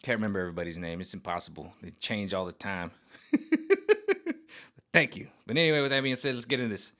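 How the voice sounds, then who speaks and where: Animated slangy man rambling to camera. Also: on the low side, very fast. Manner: animated, slangy, repeats himself, restarts and trails off. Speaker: vlogger. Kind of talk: casual rambling monologue to camera.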